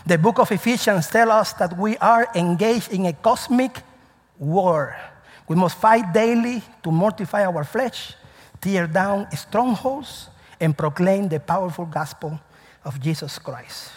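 Man, pastor, sermon, call-and-response questions, husky, long reverb. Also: high voice, measured pace.

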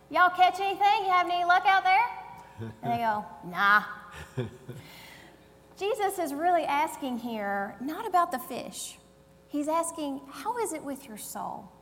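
A woman preaching a conversational sermon in a church, telling the story with acted-out voices. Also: high-pitched. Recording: long hall reverb, faint hum.

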